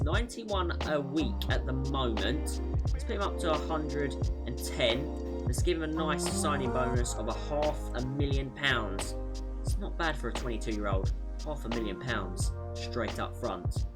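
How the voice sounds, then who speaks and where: A man commentating on his own football video game career mode, shouting at goals and groaning at defensive mistakes. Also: on the high side. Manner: excitable, shouts at big moments, groans at mistakes. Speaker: gaming YouTuber.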